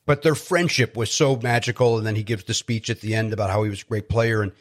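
Animated man telling stories. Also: on the low side. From South Side of Chicago. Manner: animated storyteller, quick jokey asides. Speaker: podcast guest, comedian. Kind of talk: casual chat.

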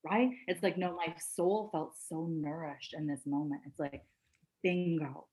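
A woman's voice: low-pitched, fairly even intonation, a little slow, a little mellow, poor audio. A woman coach on a podcast, talking emphatically in casual chat, swearing and laughing often.

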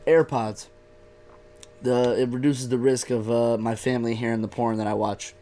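A man's voice: medium pitch, little pitch movement, normal speed, mellow. A young man co-hosting a casual bar-talk podcast, joking and cursing freely. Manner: profane, joking, laid-back. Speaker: podcast co-host.

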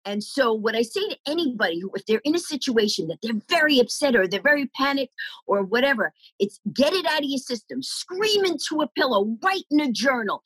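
Husky, animated middle-aged woman storyteller. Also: on the high side, dry recording, rough recording. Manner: animated, acts out quoted voices. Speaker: comedian guest. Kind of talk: storytelling interview answers.

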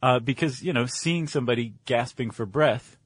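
Male podcast co-host, easygoing explainer, mid pitch, dry close mic. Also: moderate pace, husky, dry recording. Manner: explains with fillers and restarts. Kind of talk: casual conversational chat.

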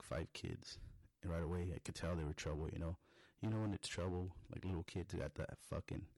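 Gravelly low-voiced man telling a profane story. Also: darkish tone, no room sound. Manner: rambling, heavy swearing, acts out quoted lines.

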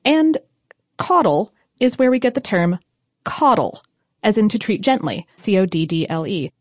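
A woman's voice: mid-range voice, animated, moderate pace, dry recording, studio quality. A woman co-hosting a podcast who explains food history in a chatty, informal way, with fillers and small laughs. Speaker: podcast co-host. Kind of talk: casual chat explaining history.

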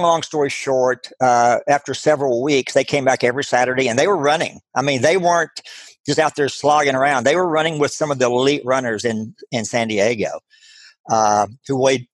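A middle-aged man with a Texan accent, earnestly telling a personal story as an interview guest, halting and restarting often. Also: medium pitch, dry recording.

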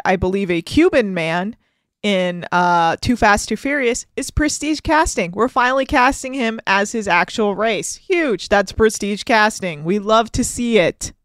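A woman's voice: mid-range voice, fairly bright tone, no room sound, clean studio sound. A woman co-hosting a podcast as producer, chatting casually in a playful, opinionated way. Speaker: producer and co-host. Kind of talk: casual chat.

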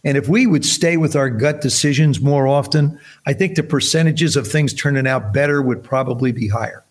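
A man's voice: medium pitch, fairly quick. A man in his seventies from New Jersey, a podcast guest telling stories in casual chat and acting out the voices in them. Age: 70s. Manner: animated storyteller acting out quoted dialogue.

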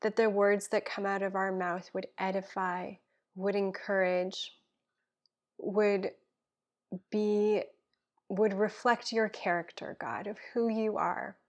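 A woman, a guest and children's pastor, praying aloud and speaking from the heart in an earnest, soft-spoken way that drifts into whispers. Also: mid-range voice, flat delivery, slow, highs cut off. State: tearful and emotional. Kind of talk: spoken prayer and heartfelt chat.

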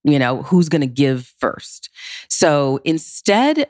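Low-pitched woman guest, relationship coach, animated and emphatic, dry close sound. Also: no echo. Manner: expressive, emphatic with big pitch leaps. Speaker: relationship consultant. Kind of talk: podcast interview.

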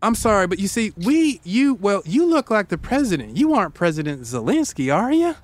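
A sunny southern woman translator with a slow, syrupy drawl, as a man puts her on in a storytelling podcast. Her voice sits high and bounces around with eager, over-friendly warmth. She greets everyone like a cheerful shop greeter. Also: sing-song, no room sound. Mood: flustered polite.

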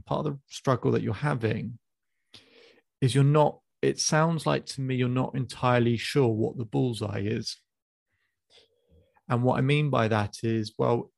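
Male life coach, gravelly, calm probing delivery, dry close sound. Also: medium pitch, no room sound. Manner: calm, probing questions, hesitant restarts. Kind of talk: coaching session. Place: video call.

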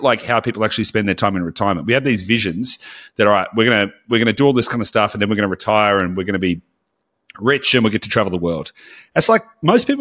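A man's voice: lowish voice, a bit bright. Man, podcast co-host, casual chat, blunt, candid, swears now and then.

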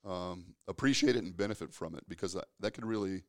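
A man, hosting a casual conversation and telling stories in a relaxed way with filler restarts. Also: deep voice, quick pace. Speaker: podcast host, safety professional.

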